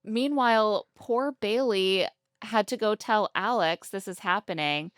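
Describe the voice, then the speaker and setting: A woman co-hosts a casual podcast, talking in an animated, profane way. Her voice sits in a middle range and is recorded close on a dry, deadened mic. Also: medium pitch, measured pace, clear, resonant tone, dry recording. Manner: animated, profane, acts out quotes. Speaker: podcast co-host. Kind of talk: casual recap chat.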